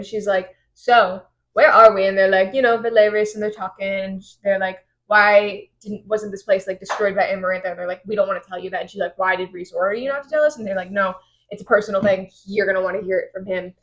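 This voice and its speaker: A woman's voice: medium pitch, fairly even intonation, fairly quick, lo-fi sound. Chatty woman recapping a book. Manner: rambling retelling with quoted voices. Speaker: podcast host.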